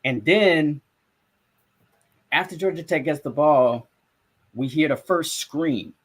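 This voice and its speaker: Animated storytelling man from South Florida. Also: a little high, takes it slowly. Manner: animated storyteller who acts out his own reactions and swears freely. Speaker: sports podcast co-host and reporter. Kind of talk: casual sports talk.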